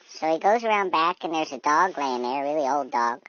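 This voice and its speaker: A woman telling a long joke as a guest comedian, acting out each character in a higher voice. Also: a little fast, hardly any pauses, fairly bright tone, dry recording. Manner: does voices for each character, rising high for the punchlines. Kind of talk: joke storytelling. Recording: dry, dull lo-fi sound.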